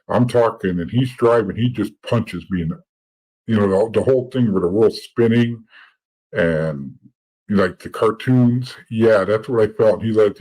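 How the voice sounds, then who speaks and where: Husky, low-voiced middle-aged man. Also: darkish tone, low-quality recording. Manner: blunt, profane, repeats words while telling stories. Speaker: podcast guest, former informant. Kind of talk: casual storytelling.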